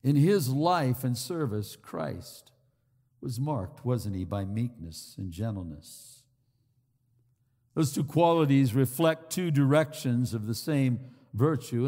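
A man's voice: medium pitch, a little mellow. A man preaching a sermon, earnest and pleading, repeating himself as he builds his points. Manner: slow, earnest, pleading with many repetitions. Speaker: pastor. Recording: long hall reverb.

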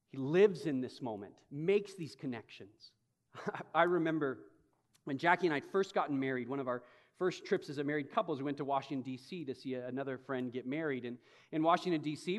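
A man preaches a sermon in a church sanctuary, telling it dramatically and slowing down to stress key phrases. His voice sits a little high for a man. A long reverb from the large hall trails after his words. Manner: dramatic storytelling with slow emphatic phrases. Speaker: pastor.

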